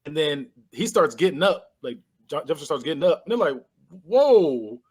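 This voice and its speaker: A man co-hosting a podcast, casually retelling a movie scene by scene and acting out the characters' lines with lively voice changes. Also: a little high, quick pace, breathy edge. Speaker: podcast co-host. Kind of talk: casual movie recap chat.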